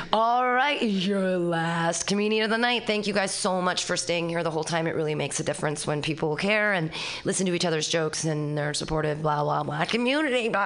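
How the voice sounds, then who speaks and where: A woman's voice: on the low side, a bit bright. A woman hosting an open-mic comedy night, effusive, loose and swearing casually as she praises the comics. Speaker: comedy show host.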